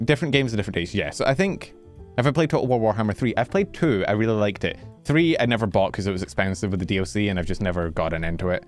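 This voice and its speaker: A man's voice: lowish voice, rapid-fire, faint music behind. Rambling man streamer chatting to viewers. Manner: rambling, self-interrupting, animated. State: slightly out of breath. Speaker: VTuber streamer. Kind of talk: casual chat with stream viewers. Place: warm bedroom.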